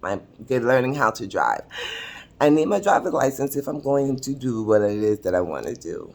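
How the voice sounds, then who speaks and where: A woman's voice: very deep voice, sing-song, moderate pace, gravelly, darkish tone. Chatty woman in her sixties. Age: 60s. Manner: chatty and confiding, laughs often mid-sentence. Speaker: vlogger. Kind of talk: casual personal storytelling to camera. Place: seated at a table indoors.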